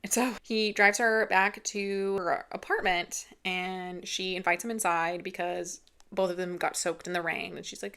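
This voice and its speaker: A woman's voice: lowish voice, fairly even intonation, measured pace, gravelly, pushed and bright, clear, resonant tone. A woman giving a casual, chatty book review rant, retelling the story with lots of "like" and acting out the lines.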